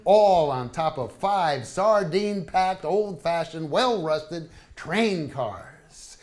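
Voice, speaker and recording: In a small live performance venue, a man reads his own travel stories aloud to an audience, wry and full of comic asides. His voice is high and animated, and he speaks at a slow pace with few pauses.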